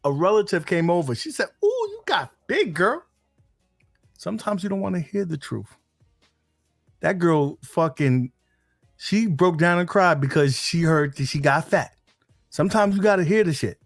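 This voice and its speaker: A man co-hosting a casual gaming podcast, joking and swearing through animated banter. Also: a little high, moderate pace, creaky, dry recording, clean studio sound, soft background music. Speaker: podcast co-host.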